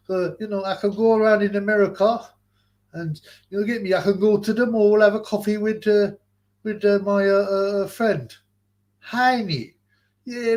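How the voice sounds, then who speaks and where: A man putting on a chummy puppet bloke for a mocking little puppet show, with a voice pitched way up high and bright. He sounds cheeky and pally, his talk full of slang.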